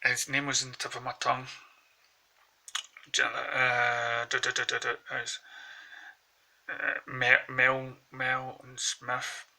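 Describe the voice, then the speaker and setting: A man's voice: mid-range voice, monotone, takes it slowly, gravelly, pauses often, sharp tone, rough recording. A man with a Glaswegian accent, vlogging in a rambling, hesitant monologue into a phone held close.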